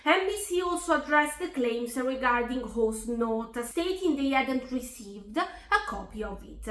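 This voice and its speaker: Bright-voiced woman narrating in an echoey room. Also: sits high. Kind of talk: scripted narration reading out messages.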